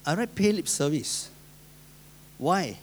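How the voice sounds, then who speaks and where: A male pastor with a Singaporean accent delivers an emphatic sermon in a somewhat higher voice. He swings between loud, stressed lines and quiet asides, and acts out the people he quotes. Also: expressive, slow, slight background noise. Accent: Singaporean English.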